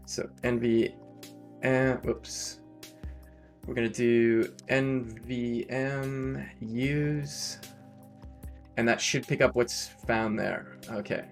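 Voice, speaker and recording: A Canadian man streaming a live coding session, thinking aloud and correcting himself as he types commands. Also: mid-range voice. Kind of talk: casual live-coding narration.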